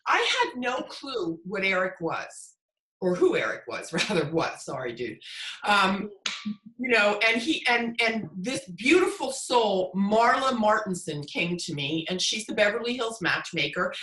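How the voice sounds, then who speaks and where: Effusive woman psychic, bright echoey voice. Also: mid-range voice, big pitch swings, a little slow. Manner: effusive, emotional, storytelling. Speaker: psychic medium guest. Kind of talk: casual chat. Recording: echoey room.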